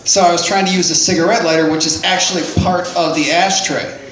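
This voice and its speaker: High-voiced man telling a wild story. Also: fairly even intonation, a little fast, fairly bright tone, roomy sound, poor audio. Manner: profane, self-deprecating, rambling with restarts. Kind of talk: personal storytelling.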